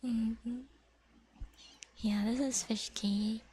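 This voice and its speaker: A young woman livestreaming ASMR, chatting in whispered livestream chat that slips between soft whispers and a casual speaking voice, with the odd swear. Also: mid-range voice, steady tone, measured pace, creaky, husky, rough recording. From Philippines.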